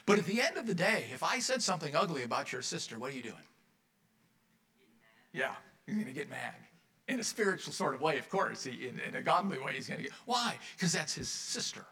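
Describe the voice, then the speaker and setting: A male pastor delivers a sermon to his congregation in a church. His voice is bright and forward, and he keeps the tone conversational, putting questions to the listeners and slipping in wry asides. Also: on the high side.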